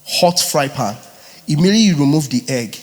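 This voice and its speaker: Animated vocal coach in a hall. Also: male voice, a little high, brisk. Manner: animated, teasing, mixes in pidgin. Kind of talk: live workshop teaching. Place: large hall at a live boot camp. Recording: long hall reverb.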